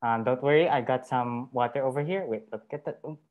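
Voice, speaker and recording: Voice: mid-range voice, a little fast, phone-quality sound. An improviser playing a life coach, talking in a hesitant, soothing way with many fillers. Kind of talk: improv comedy.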